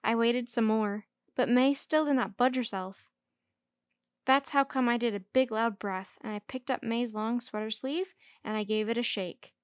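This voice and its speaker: A woman storyteller reading a children's book aloud in lively first-person narration. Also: a little high, moderate pace, clean tone, no room sound. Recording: dry close recording.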